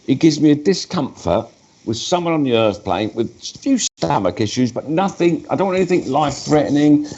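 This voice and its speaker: A man's voice: a little high, lively intonation, brisk, a little mellow, lo-fi sound, a little hiss or hum. A man, working as a spiritualist medium at a live church service, talking in a chatty way and breaking off mid-sentence to address spirits. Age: 50s.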